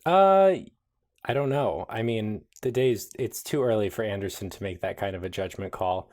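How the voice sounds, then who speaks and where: A tabletop-game player speaks in character with a lively, swooping pitch and a middle voice. The delivery rambles and sounds exasperated. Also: moderate pace.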